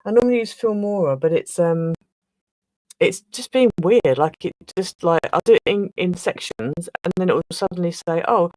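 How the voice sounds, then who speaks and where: A woman hosting a craft livestream in casual chat, flustered and restarting her sentences, with a slightly rough throat. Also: fairly low pitch, moderate pace, mellow, no echo, low-quality recording. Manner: chatty, flustered, trailing off and restarting.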